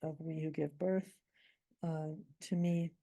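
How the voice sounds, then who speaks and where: A middle-aged woman poet, reading her poem slowly and then explaining its meter in a thoughtful, measured way. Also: deep voice, level tone, gravelly, dark tone, dry recording.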